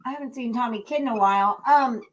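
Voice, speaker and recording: A woman hosting a live sports betting show, chatty and quick to laugh as she greets viewers. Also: a little high. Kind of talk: casual live-stream chat.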